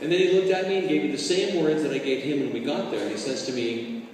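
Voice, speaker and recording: A man recounting a comic story to a live audience, animated and acting out the voices and drum parts he describes. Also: on the high side, fast talker, background noise. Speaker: drummer telling a story. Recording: roomy hall from far off, music behind.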